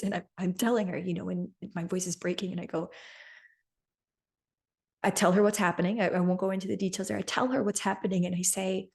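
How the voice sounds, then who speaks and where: A woman's voice: fairly low pitch, steady tone, quick pace, a little mellow. Earnest woman host. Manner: earnest, repeats "right?" often. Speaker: podcast host. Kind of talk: personal story and coaching talk.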